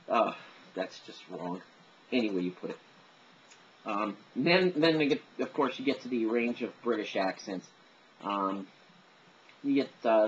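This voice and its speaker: A man's voice: on the low side, a little slow, pauses often, lo-fi sound, a little hiss or hum. A man talking casually about voices he can imitate, rambling, with many fillers and self-deprecating asides. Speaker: amateur voice impressionist. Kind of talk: casual monologue.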